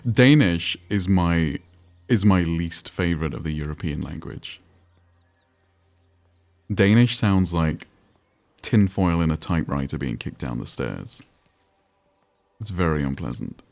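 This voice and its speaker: A man's voice: deep voice, lively intonation, measured pace, creaky, long pauses, a little mellow. A man streaming a game, chatting and rambling while reading chat aloud. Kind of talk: casual live-stream commentary.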